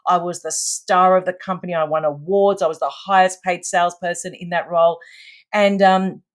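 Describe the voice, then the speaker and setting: A middle-aged woman, a podcast guest telling stories with animated emphasis. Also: lowish voice, normal speed. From Australia. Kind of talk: storytelling in conversation.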